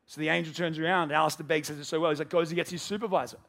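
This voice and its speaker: A pastor preaches to his congregation in an earnest, storytelling way. His voice sits a little on the high side and he slips into the voices of the people in his story. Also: fairly even intonation, very fast, fairly bright tone. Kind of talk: sermon. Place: church service with a congregation.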